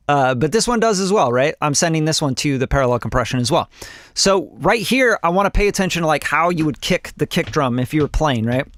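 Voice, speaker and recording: A man's voice: fairly high pitch, a bit bright, no room sound, clean studio sound. A man teaching music production on a casual live stream, loose and chatty with lots of fillers, humming drum rhythms and swearing offhandedly.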